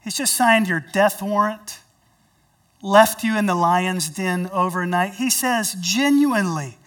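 Sex: woman. Role: pastor. Style: sermon, storytelling with swings from soft to loud. Pace: slow. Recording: distant mic in a church sanctuary. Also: medium pitch. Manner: storytelling with dramatic swings in volume.

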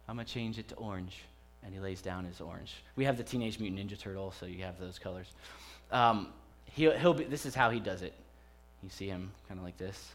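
A man in his thirties preaches a casual sermon in a church. His voice sits at an ordinary middle pitch. He talks to the congregation like old friends and jokes with them as he goes. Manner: chatty and joking with the congregation. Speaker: pastor. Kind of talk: conversational sermon.

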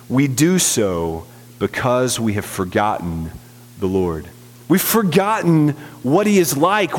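A man's voice: a little high, in a large hall. A man pastor preaching a sermon, earnest and full of rhetorical questions to the congregation.

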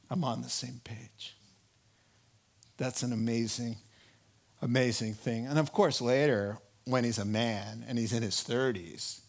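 A male preacher giving a sermon, telling stories lively and with animated asides. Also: mid-range voice.

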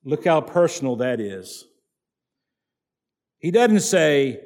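A man's voice: on the high side, sing-song, slow, a little mellow, long reverb tail. A man preaching a sermon as pastor, emphatic and driving his points home through repetition, in a church sanctuary. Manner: emphatic preaching with repeated phrases.

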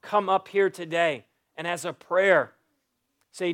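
A man's voice: high-pitched, takes it slowly, a bit bright. A male pastor preaching an Easter sermon and leading prayer, earnest and pleading, repeating phrases for emphasis.

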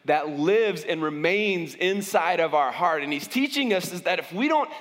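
A man's voice: fairly high pitch, expressive, moderate pace, a bit bright, in a large hall. A man preaching as a pastor, talking conversationally and often restarting his sentences. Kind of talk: sermon.

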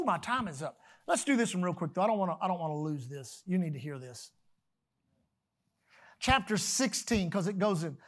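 A preacher delivering a sermon with emphatic swings from shouting to hushed tones, reading scripture slowly and calling on the congregation to repeat words. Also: mid-range voice. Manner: reads scripture slowly and deliberately.

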